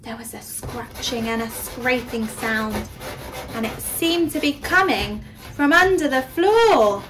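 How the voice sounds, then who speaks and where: Expressive high-voiced woman teacher. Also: takes it slowly, far from the mic, a little hiss or hum, low-quality recording. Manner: expressive, questioning the children. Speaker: nursery teacher. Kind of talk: storybook read-aloud for young children.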